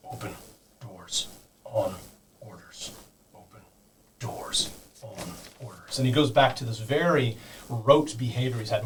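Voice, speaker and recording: A man's voice: mid-range voice, recorded from a distance, slight background noise, poor audio. A man narrating as game master, explaining things casually, with many fillers. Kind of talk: teaching and narrating a tabletop game.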